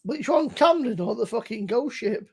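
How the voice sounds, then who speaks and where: A man's voice: very high-pitched, lively intonation, moderate pace, vocal fry. A man, co-hosting a casual live stream, teasing and swearing heavily. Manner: teasing, laughing, heavy swearing. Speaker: co-host.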